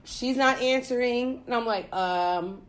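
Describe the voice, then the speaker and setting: Profane, animated young woman telling a story. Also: fairly high pitch, unhurried. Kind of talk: casual chat, storytelling.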